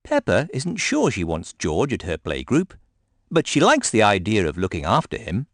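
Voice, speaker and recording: A man gently reading a children's storybook aloud in a sing-song, scripted narration. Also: lowish voice, wildly swooping pitch, normal speed, no echo, studio quality.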